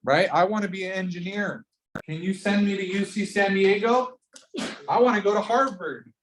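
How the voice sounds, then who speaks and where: A pushy, fired-up teacher coaches entrepreneurship students and addresses them by name. The mid-range voice keeps a moderate pace, with slight background noise in an echoey classroom.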